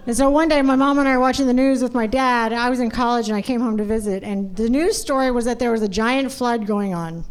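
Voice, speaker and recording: A woman's voice: fairly high pitch, fairly even intonation, fast talker, few pauses. A woman doing a stand-up comedy set on a club stage, telling stories animatedly and imitating her family.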